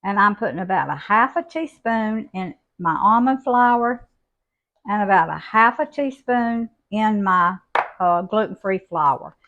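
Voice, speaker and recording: An older woman, showing a home cooking recipe in a folksy, unhurried way from her kitchen. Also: mid-range voice, lively intonation, narrow, tinny audio. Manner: folksy, unhurried, homey talk. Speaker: cooking channel host.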